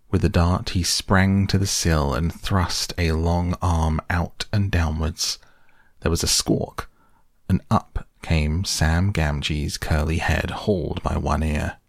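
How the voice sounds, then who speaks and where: A man narrating an audiobook in a steady, unhurried storytelling manner, close to the mic. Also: low-pitched, creaky, no echo. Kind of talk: scripted narration.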